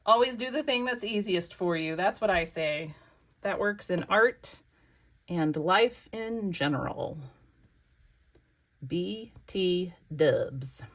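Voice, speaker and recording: Casual woman craft host, easygoing drawl, thinks out loud mid-project. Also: on the low side, animated, slow pace. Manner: chatty, exclamatory, talks to herself while working. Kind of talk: casual crafting vlog chat.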